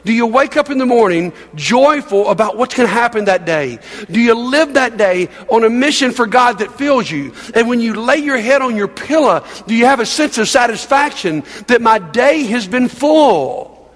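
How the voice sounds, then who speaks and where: A man's voice: extremely high pitch, animated, normal speed. An older man, a pastor with grandchildren, preaching a sermon in a conversational way, asking the congregation questions and repeating words as he goes. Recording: long reverb of a large hall.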